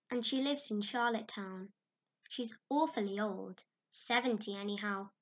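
A woman voicing a lively, excitable young girl who chatters quickly. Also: mid-range voice.

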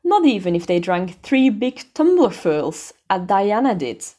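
A woman's voice: medium pitch, very animated, unhurried, dark tone. Woman playing a melodramatic tearful girl. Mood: sobbing. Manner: wailing, melodramatic. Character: dramatic, tearful young orphan girl.

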